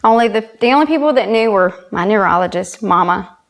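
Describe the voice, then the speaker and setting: A woman's voice: medium pitch, expressive, a little fast. Earnest Southern woman telling her story. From South Carolina. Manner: earnest, emotional, retells dialogue. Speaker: guest, country singer. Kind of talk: personal storytelling in conversation.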